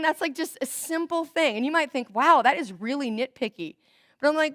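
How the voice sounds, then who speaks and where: Young woman guest speaker, animated storyteller, somewhat high voice, close dry sound. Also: brisk, no echo. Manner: chatty and animated, acts out quoted dialogue. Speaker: guest speaker at a church volunteer event. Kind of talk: storytelling talk to volunteers. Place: church hall.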